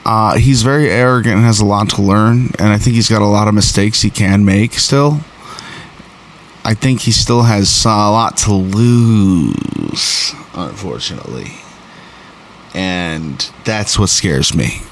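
Man, host, rambling episode recap, slightly low voice, faint noise behind. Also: measured pace. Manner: rambling and excitable, many fillers and restarts. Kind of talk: casual episode recap and review.

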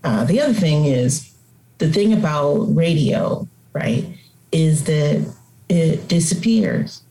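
A middle-aged woman with a Chicago accent, a writer and radio host, chatting as a podcast guest and telling stories in a lively, colloquial way. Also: low voice, creaky, poor audio. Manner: animated storyteller, colloquial. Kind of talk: casual interview conversation.

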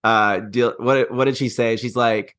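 Man, podcast co-host, excitable, storytelling, mid pitch. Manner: excitable storyteller, fast, animated. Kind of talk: casual chat.

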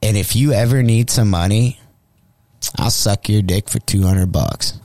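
A male comedian from St. Louis telling a crude story on a radio show, profane and animated, acting out the voices in his tale. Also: lowish voice, unhurried, no echo. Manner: profane, animated, acts out quotes. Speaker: comedian guest.

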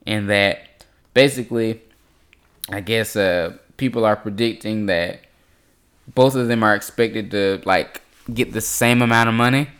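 A man's voice: on the low side, unhurried, a bit bright, smooth. A young man hosting a podcast in casual, rambling chat, laughing often. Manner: loose, rambling, laughs a lot. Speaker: podcast host.

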